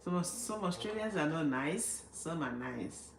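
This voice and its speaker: Chatting casually on a livestream, a woman with an Angolan accent laughs often and mockingly mimics people. Her deep voice is expressive with vocal fry and a measured pace, in an echoey room with faint background noise.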